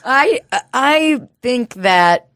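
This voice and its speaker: A woman's voice: sits high, animated, very slow, fairly bright tone, dry recording, clean studio sound. A woman co-hosting a comedy podcast, chatting in a brash, profane, joking way. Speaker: podcast co-host. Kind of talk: casual comedy chat.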